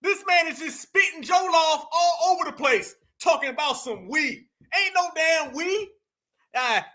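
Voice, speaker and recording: A man hosting a heated reaction commentary, mocking, slangy and often breaking into shouts. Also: very high-pitched. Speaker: commentary host reacting to clips.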